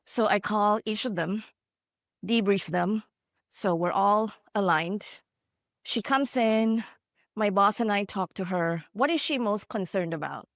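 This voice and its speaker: A woman from India delivers a motivational keynote, speaking earnestly and conversationally as she tells stories and checks in with the audience. Her voice sits at an ordinary middle pitch. The sound is dry and close, with no room echo. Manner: earnest, conversational, frequent "you know" and "right?".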